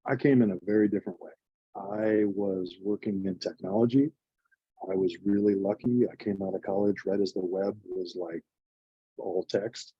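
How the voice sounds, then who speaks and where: A man's voice: on the low side, fairly even intonation, normal speed, slightly rough, no echo, highs cut off. A man in his forties, a nonprofit co-founder, telling his story in an earnest, emotional, chatty way. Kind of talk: reflective conversational storytelling.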